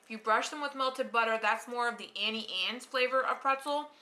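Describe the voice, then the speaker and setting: Woman vlogger, high and bright, calm step-by-step kitchen instruction to a kid. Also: brisk. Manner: patient step-by-step instructions, coaching a child. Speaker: home baking vlog host. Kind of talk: casual baking demonstration. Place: home kitchen.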